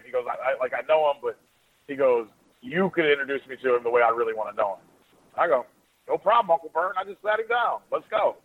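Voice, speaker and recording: Man in his 40s, rapid rambling storyteller, radio host, phone-thin sound. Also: mid-range voice, narrow, tinny audio. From Ohio. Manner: rapid, rambling anecdotes with quoted asides. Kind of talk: casual storytelling.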